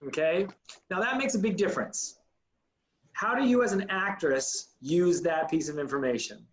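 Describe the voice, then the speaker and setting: A man's voice: sits high, normal speed, low-quality recording. A man teaching an acting class, coaching students and demonstrating lines aloud. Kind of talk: online acting class instruction.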